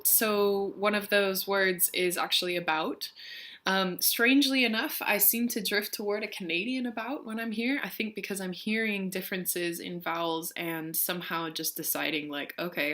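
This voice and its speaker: A woman's voice: medium pitch, pushed and bright. Chatty young woman with a mid-range voice, reading single words one at a time and then drifting into easygoing asides. Her talk is full of ums and little laughs. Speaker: vlogger. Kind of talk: reading a word list and poem, casual chat.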